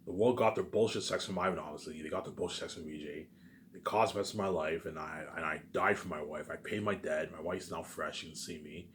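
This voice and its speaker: Deep-voiced Canadian man rambling. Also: brisk, a bit bright, slight background noise. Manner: repetitive, profane, emphatic, keeps saying "obviously". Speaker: vlogger. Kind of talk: rambling solo monologue.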